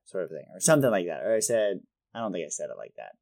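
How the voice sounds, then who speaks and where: Low-voiced rambling dad, dry close mic. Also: male voice, sing-song, a little fast, gravelly, darkish tone, no room sound. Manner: rambling, self-deprecating, laughs often. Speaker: podcast co-host. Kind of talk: casual chat.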